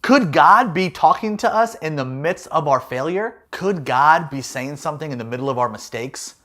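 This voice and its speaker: A man's voice: fairly high pitch, animated, moderate pace, sharp tone. A man giving a playful, jokey youth talk as a youth pastor.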